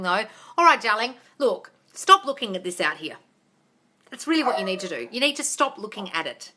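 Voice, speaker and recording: A woman's voice: medium pitch, pushed and bright. A woman coaching viewers on a casual livestream from home, blunt and sweary, calling them darling. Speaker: manifesting coach answering live chat questions. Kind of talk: casual live-stream chat. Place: home, dog barking nearby. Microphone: phone livestream.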